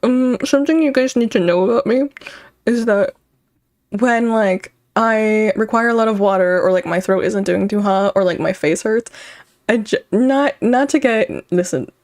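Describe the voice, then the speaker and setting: A woman's voice: medium pitch, normal speed, a little mellow. A young woman streaming, chatting casually with her viewers, rambling and breaking into giggles often. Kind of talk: casual chat with live chat.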